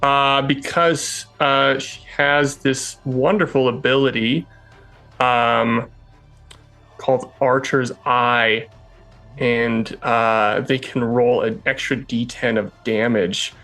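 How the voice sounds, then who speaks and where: A man narrating a tabletop game as game master, in a halting way with chuckles. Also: mid-range voice, steady tone, pushed and bright, soft background music.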